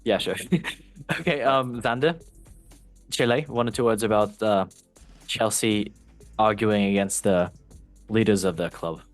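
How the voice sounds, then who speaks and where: A man's voice: fairly low pitch, a little slow, long pauses, faint music behind. A man hosting a casual football podcast, reading news items aloud and cutting in with joking asides. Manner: jokey, loose, asides while reading. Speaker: podcast host.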